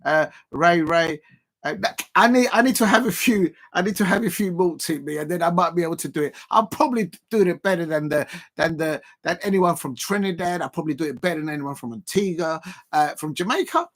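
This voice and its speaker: A man's voice: a little high, a little fast. Guy hosting a stream, hyped up, keeps repeating lines, lots of ums. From South London. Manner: excitable, repetitive, keeps repeating phrases; rambling with many fillers. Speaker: livestream host and football fan. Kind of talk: casual watch-along livestream rant.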